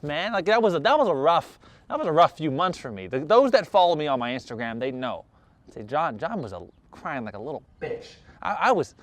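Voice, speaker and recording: Animated man telling a car story. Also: brisk. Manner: animated, acts out every side of each exchange; self-mocking, jumps in pitch when excited.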